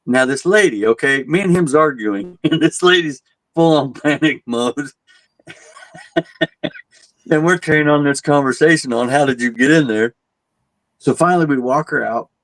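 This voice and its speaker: Male tour guide, relaxed storyteller who voices the people in his tale; dry, close recording. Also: mid-range voice, no echo, poor audio. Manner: laid-back, animated when quoting people, chuckles at his own jokes. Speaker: haunted asylum tour guide. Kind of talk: casual storytelling.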